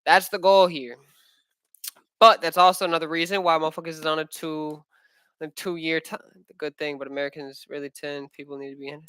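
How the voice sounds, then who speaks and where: A man's voice: a little high, little pitch movement, brisk, bright, forceful tone, clear, resonant tone, no room sound, rough recording. A young man chatting casually on a livestream at home, rambling in slangy, profane talk full of fillers. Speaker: aspiring MMA fighter streaming. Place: at home with his young son.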